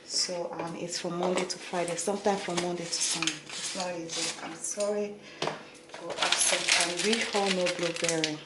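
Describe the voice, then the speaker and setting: A woman's voice: lowish voice, level tone, normal speed. Chatty Nigerian woman in echoey room. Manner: chatty, repeats "okay?" and "guys". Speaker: beauty vlogger. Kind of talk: casual talk to camera. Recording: echoey room with faint noise.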